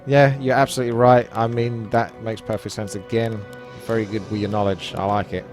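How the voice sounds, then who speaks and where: A man with a low voice calls an esports match, and he keeps slipping teasing jokes at his co-caster. Soft music runs beneath his commentary. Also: little pitch movement, fairly quick. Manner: joking, teasing banter. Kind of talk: casual game commentary.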